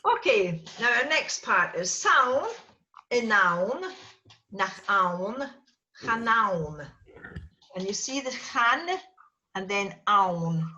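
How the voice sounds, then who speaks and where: A woman's voice: on the high side, very animated, takes it slowly, pushed and bright, highs cut off. A woman teaching a small class, patiently repeating each word for students to echo. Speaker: Gaelic teacher. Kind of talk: language lesson with a small class.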